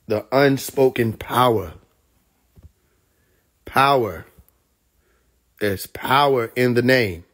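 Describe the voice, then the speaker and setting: A man from Atlanta, telling profane, animated stories on a live stream, laughing often. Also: mid-range voice, slow pace, pauses often. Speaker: livestream host. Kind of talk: casual storytelling on a live stream.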